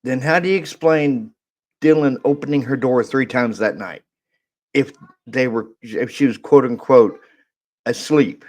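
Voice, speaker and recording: A man's voice: mid-range voice, a little slow, a little mellow. A man commenting on a crime case in a blunt, scoffing, emphatic way. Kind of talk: skeptical commentary.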